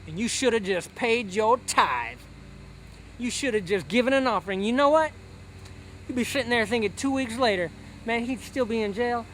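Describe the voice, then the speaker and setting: A man's voice: very high-pitched, expressive, moderate pace, a bit bright, slight background noise. A man giving a brash, slangy comic sermon, lecturing listeners in a preachy rant. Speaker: satirical preacher character.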